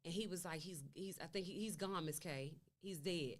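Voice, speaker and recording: A woman with a somewhat low voice sits for an interview as a guest. She is a mother recounting events in a long conversational story. She acts out each quoted line of dialogue as she goes. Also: fast, few pauses, a bit bright.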